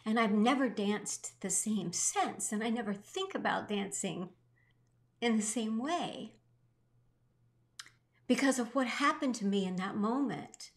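Here a middle-aged woman, co-hosting, recounts something personal and moving with real sincerity, her voice rising and falling with emotion. It's fairly high in pitch and measured in pace.

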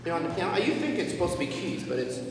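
A man's voice: high-pitched, sing-song, racing, background noise. A man presenting a playful piano lesson to children, teasing and leading the group in chanting answers. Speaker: music teacher presenting to children. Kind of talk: playful classroom demonstration with call-and-response. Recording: echoey hall from far off. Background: piano notes.

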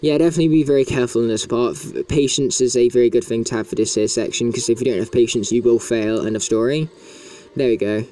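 Mellow-voiced man commentating a game. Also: mid-range voice, fast talker. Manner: chatty and self-mocking, fond of "indeed". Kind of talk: casual gameplay commentary.

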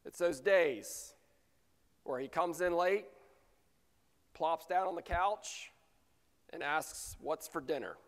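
A man preaching a sermon as pastor, swinging from loud rhetorical questions to near-whispered lines. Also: a little high, takes it slowly, pauses often. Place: church sanctuary. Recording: long reverb of a church sanctuary.

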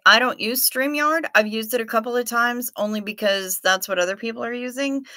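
A woman's voice: medium pitch, bright, forceful tone, no echo. A woman with a Minnesota accent hosting a livestream, chatting casually and reading viewer comments aloud in a playful way. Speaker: livestream host.

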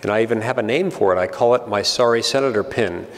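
Middle-aged male speaker, gravelly, dry self-deprecating humor, reverberant hall. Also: lowish voice, fast talker. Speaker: senator giving a speech. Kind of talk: humorous public speech.

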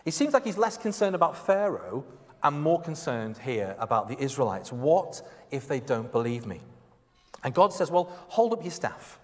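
A man's voice: medium pitch, very animated, moderate pace. Man preaching in a reverberant church. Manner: conversational, emphatic preaching with acted-out quotes. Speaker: pastor. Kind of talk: sermon. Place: church hall. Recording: long hall reverb.

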